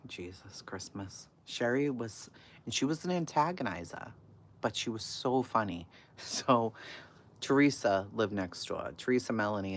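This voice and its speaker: Animated, swearing woman telling stories. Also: very deep voice. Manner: animated, profane, laughs often, swings from loud to hushed. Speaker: livestream host. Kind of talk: casual storytelling to a live chat.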